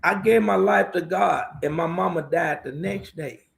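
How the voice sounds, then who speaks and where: A middle-aged man, testifying as a pastor guest on a live show. His voice sits high and has a heavy gravelly rasp. He preaches in a storytelling way, urging listeners to "watch this here.". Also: normal speed. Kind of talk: emotional testimony.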